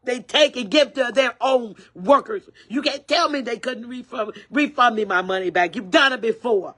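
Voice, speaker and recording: An older woman on a livestream, ranting angrily and repeating herself, swearing freely, with a husky voice. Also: fairly high pitch, normal speed, fairly bright tone. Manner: angry, repetitive, profane. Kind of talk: angry livestream rant.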